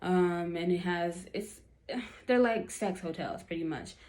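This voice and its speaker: A woman's voice: fairly low pitch, slow, a little mellow. A young woman chatting to camera, telling a dating story with lots of fillers and acted-out quotes.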